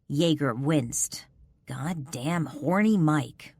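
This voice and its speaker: Woman reading an audiobook, low voice, slow and expressive. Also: no room sound. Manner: measured, expressive storytelling. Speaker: audiobook narrator. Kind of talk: scripted narration.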